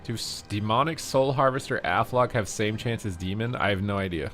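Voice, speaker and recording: Bright-voiced, jokey gaming streamer man. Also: fairly low pitch, brisk, soft background music. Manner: jokey, swears, chatty asides to viewers. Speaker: game streamer. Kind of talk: casual live gameplay commentary.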